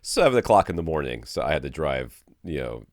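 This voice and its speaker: A man's voice: very deep voice, sing-song, brisk, no echo, clean studio sound. A man hosting a podcast in a sleepy, rambling, casual way, with a chuckle here and there. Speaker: podcast host.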